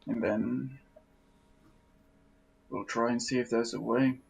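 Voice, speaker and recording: Theodas, a man playing a gravelly exiled warrior. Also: mid-range voice, fairly even intonation, low-quality recording. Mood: sombre. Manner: halting, earnest. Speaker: player. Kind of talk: in-character role-play.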